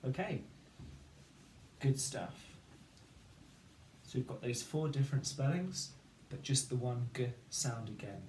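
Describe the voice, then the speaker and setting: Slow, patient male phonics teacher. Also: medium pitch, animated, darkish tone. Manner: slow, patient sounding out of letters. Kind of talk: phonics lesson for children. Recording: echoey room, faint background noise.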